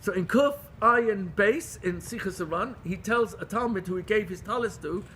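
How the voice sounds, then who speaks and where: Teaching Torah in English, a man speaks at normal speed in a high-pitched, fairly bright voice, with slight background noise. He is impassioned and pleading, restarting phrases often and dropping in Hebrew terms.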